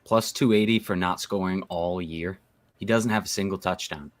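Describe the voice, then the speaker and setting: A man's voice: sits low, moderate pace, no echo. A man with a Boston accent chats casually about sports bets. He is easygoing and drops bro and dude often, recorded dry and close. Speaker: sports betting show co-host. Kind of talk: casual chat.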